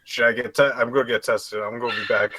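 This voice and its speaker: A man's voice: mid-range voice, little pitch movement, quick pace, a crowd in the background. A man playing a tabletop game, chatting loosely and joking in character. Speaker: player. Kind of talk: casual chat at a game table.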